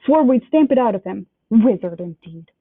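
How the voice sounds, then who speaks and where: A woman's voice: medium pitch, fairly quick, husky, no echo, close to an everyday voice. Uncle Vernon, a woman playing a cold angry uncle. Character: stern angry middle-aged uncle, cold and stubborn. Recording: dry, tinny phone-like sound.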